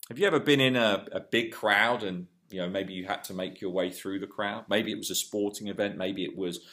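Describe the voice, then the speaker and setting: A man preaching a sermon with an earnest delivery, rising to loud emphasis and dropping to hushed lines. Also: lowish voice, a little fast.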